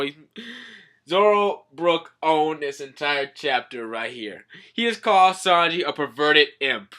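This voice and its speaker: A man's voice: fairly high pitch, animated, a little slow, sharp tone. A young man casually recapping a comic, rambling with "all like" quotes and swearing. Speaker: manga reviewer.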